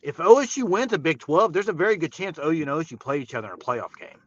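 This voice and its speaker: A man's voice: a little high, sing-song, fast talker. A man calling in to a sports show over a remote connection, emphatic and pumped up, repeating his points. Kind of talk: casual sports talk. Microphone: remote call connection. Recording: dull, dry lo-fi call audio.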